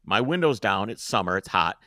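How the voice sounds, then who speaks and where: Male podcast host, casual and animated storyteller who acts out scenes, lively pitch, dry close sound. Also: fairly quick, no echo.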